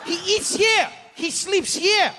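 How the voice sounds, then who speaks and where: A man putting on the voice of an overexcited, cheerful male tour guide, chirpy and high. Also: slow, pushed and bright, in a large hall, slight background noise, exaggerated voice. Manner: chirpy, sing-song, high-pitched.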